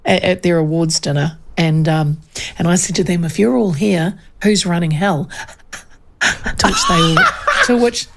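Speaking at normal speed in a fairly low, creaky voice with huge pitch swings, a middle-aged New Zealand woman hosts a radio show. She's a chatty storyteller who laughs a lot.

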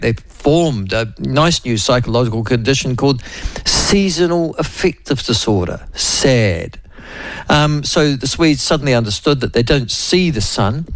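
A man's voice: medium pitch, gravelly, no room sound. A man hosting morning talk radio in a wry, rambling, opinionated monologue.

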